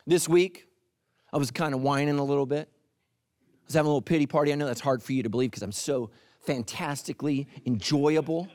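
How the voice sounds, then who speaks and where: A man preaching a sermon as the pastor, talking in a lively, punchy way with playful asides. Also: a little high, a little fast, dry recording.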